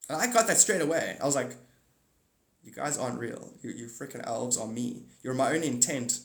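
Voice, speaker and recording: A man hosting a live stream, talking in a rambling monologue, animated and swinging between loud outbursts and muttered asides. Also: medium pitch, moderate pace, creaky, roomy sound.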